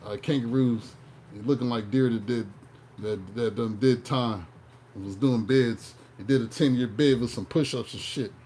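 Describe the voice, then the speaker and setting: A man talks through a tarot reading in a casual, profane way, wandering off into comic stories. His voice sits at an ordinary middle pitch. A faint hum of noise runs underneath. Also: a little mellow. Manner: profane, joking, digressive storytelling. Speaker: tarot reader.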